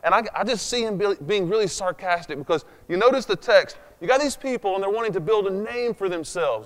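A man's voice: high-pitched, animated, a little fast, few pauses, fairly bright tone. A man preaching a sermon in a conversational way, with sarcastic asides and frequent fillers, before a room of listeners. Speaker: pastor. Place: church hall with long reverb. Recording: echoey hall recording.

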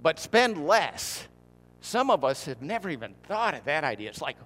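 A man's voice: a little high, animated, moderate pace, fairly bright tone, in a large hall. A man preaching a sermon in a conversational way, repeating his key points and asking the congregation rhetorical questions. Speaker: pastor.

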